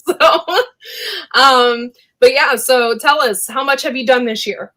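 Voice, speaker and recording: A woman's voice: high-pitched, slow pace, pushed and bright, low-quality recording. A woman hosting a casual live chat, talking chattily and laughing often. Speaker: host.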